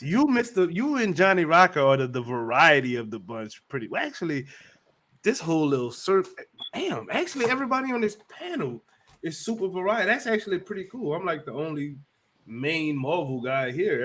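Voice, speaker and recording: A man's voice: on the high side, a bit bright. A man hosting a casual gaming panel, calling on each guest and getting hyped with them. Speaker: podcast host.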